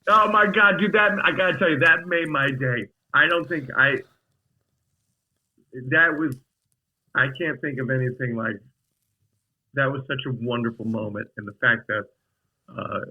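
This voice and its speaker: A man telling stories as a guest on a podcast, in a mid-pitched voice. He talks in a rambling, animated way, often backtracking and repeating words. The sound is a little dull and lo-fi. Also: moderate pace, pauses often. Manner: rambling, animated, with many restarts and laughs. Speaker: actor guest. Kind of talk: casual interview storytelling.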